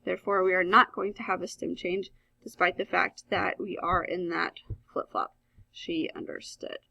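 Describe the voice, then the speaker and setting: A woman's voice: fairly low pitch, fairly even intonation, moderate pace, vocal fry, pushed and bright, no echo, muffled recording. A woman Spanish teacher talking students through a recorded grammar lesson, explaining step by step with frequent "um" fillers.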